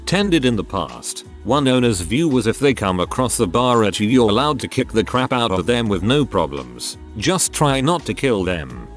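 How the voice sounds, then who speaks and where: Brief: male narrator, low register, very expressive delivery, faint music bed underneath. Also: normal speed, hardly any pauses. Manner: animated storytelling of reader anecdotes. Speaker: story narrator. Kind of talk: scripted narration.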